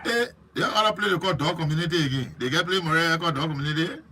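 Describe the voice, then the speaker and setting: A man with a Liberian English accent hosting a live stream, chatting lively and preachy while teasing viewers by name. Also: on the high side, fast talker, slight background noise. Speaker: host.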